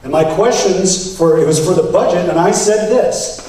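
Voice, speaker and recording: Guy running for party office, talking kinda high, very echoey hall, mic way off. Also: moderate pace. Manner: animated, acts out quoted exchanges. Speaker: political candidate. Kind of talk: campaign speech with storytelling. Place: convention hall. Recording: very echoey hall, speaker far from mic, faint noise.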